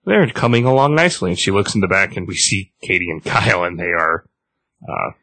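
A man's voice: low voice, fairly even intonation, fairly quick, pushed and bright, breathy edge, no echo. A man hosting a podcast, recapping a comic book casually, rambling with many fillers and restarts.

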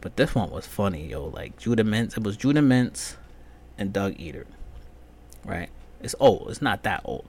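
A man hosting a casual solo podcast rant, loose, profane and rambling. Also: fairly low pitch. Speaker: podcast host.

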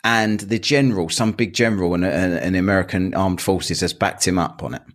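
A man's voice: sits low, fairly quick. A man hosting a podcast, rambling in casual chat and laughing as he mimics people. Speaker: podcast host.

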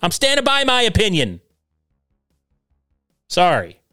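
A man's voice: sits high, huge pitch swings, unhurried, pushed and bright, dry recording, clean studio sound, faint music behind. A middle-aged man hosting a solo podcast from his basement, talking in a sarcastic, combative and self-deprecating way. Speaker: podcast host. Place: home basement.

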